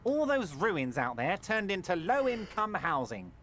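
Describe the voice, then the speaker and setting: An actor playing a jovial, scheming, heavyset male union boss in a video game, speaking in a booming, self-assured, sweeping way. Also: big pitch swings, unhurried, fairly bright tone, a little hiss or hum, heavily acted. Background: game music.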